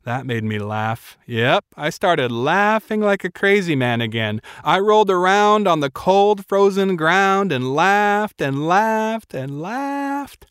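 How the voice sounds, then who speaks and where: A man narrating a novel in a measured, quiet storytelling manner. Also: high-pitched, big pitch swings, smooth, no echo, studio quality. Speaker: audiobook narrator. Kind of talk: scripted narration.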